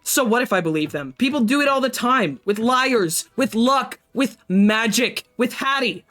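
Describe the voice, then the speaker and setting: A woman's voice: a little high, expressive, normal speed, fairly bright tone, soft background music, voice pushed up. A woman voicing a flustered young woman artist in a game, stammering as she defends herself. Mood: defensive.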